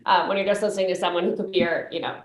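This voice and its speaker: A woman founder talks fluently and brightly about her product as a guest on a radio show. Her voice comes through a roomy, echoey line. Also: on the low side, flat delivery, rapid-fire, crowd noise. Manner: fluent, upbeat explaining. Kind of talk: radio interview.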